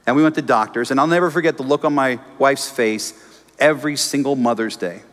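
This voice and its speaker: Guy pastor preaching, acts out the stories, lots of reverb from a big church hall. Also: mid-range voice. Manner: animated storytelling, acting out his own prayers and arguments. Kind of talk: sermon. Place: church auditorium.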